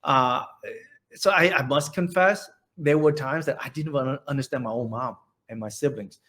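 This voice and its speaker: A man in his forties from central Vietnam with a Vietnamese accent, telling his story in an oral history interview, halting and restarting often. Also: medium pitch, a bit bright. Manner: halting, many restarts and repeated words.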